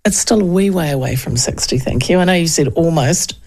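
A woman's voice: sits low, brisk, darkish tone. A woman in her fifties with a New Zealand accent, hosting a talk show and chatting loosely about polls with rambling asides. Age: 50s. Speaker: radio talk show host. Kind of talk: casual political commentary.

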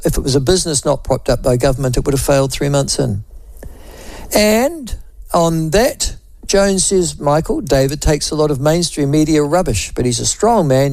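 Man, New Zealand accent, talkback radio host, gravelly, fairly high voice, dry studio sound. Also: darkish tone, dry recording. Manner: chatty, wry, self-deprecating asides. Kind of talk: talkback radio chat reading listener texts.

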